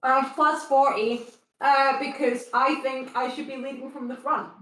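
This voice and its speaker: A woman's voice: high voice, level tone, measured pace, pushed and bright, roomy sound, low-quality recording. A woman playing a tabletop game, talking casually and swearing freely. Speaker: player.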